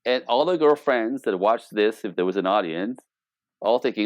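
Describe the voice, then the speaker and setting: A man working as a relationship coach, talking in a casual interview as an animated, joking storyteller. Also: fairly low pitch, normal speed, no echo. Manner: animated, joking storyteller who acts out quoted dialogue.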